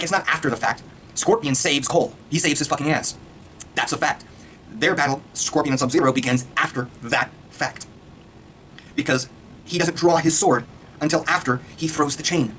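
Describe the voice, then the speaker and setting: A man reviewing a trailer in a casual, excitable rant, swearing freely and firing off points at speed. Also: fairly high pitch, slight background noise. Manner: excitable, profane, rapid-fire ranting. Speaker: video reviewer.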